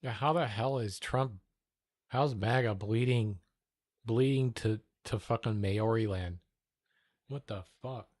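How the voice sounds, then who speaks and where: Low-voiced profane male streamer. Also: takes it slowly, pauses often, darkish tone, dry recording, studio quality. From United States. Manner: profane, offhand, mutters while reacting to videos. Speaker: streamer host. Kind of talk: casual livestream chat.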